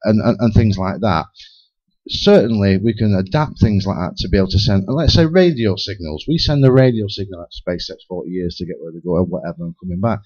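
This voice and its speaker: A man's voice: low voice, fast. A man speculating at length on a community radio talk show, talking in restless bursts with many restarts. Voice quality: lively, theorizing, many restarts. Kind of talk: rambling speculative radio chat. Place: radio studio. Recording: lo-fi radio broadcast.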